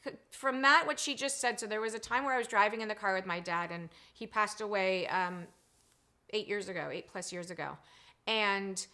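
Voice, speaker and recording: Bright-voiced chatty woman host. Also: mid-range voice, a little fast. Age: 40s. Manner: chatty, reads out viewer comments; wide swings between animated and hushed. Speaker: live stream host. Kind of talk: casual live stream chat.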